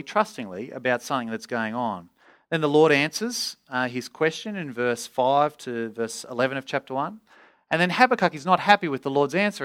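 A man preaching an expository sermon, earnest, rising in pitch when he voices pleas to God. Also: fairly bright tone.

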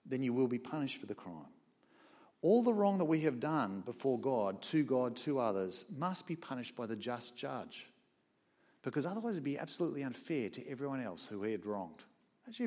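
A man preaching a sermon in a church, swinging between soft, low asides and loud, raised points.

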